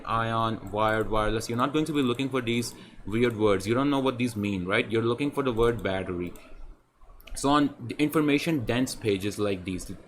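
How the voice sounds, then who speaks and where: A man in a relaxed screen-share tutorial, explaining design at an ordinary mid pitch. He repeats his points and keeps checking in with a quick "right?". Faint hiss sits under the voice. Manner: conversational, repetitive, often adds "right?".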